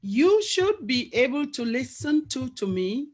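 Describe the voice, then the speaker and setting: A woman's voice: sits high, very animated, measured pace, a little mellow. A woman with an African accent hosting an interview, chatting in an encouraging and friendly way. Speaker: host. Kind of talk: conversational interview.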